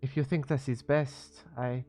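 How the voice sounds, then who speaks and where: A man's voice: medium pitch, level tone, darkish tone, soft background music, natural voice. A man voicing a poised woman tech mogul with a put-on French accent, speaking formally in a tabletop role-play. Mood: composed. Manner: formal, courteous, measured.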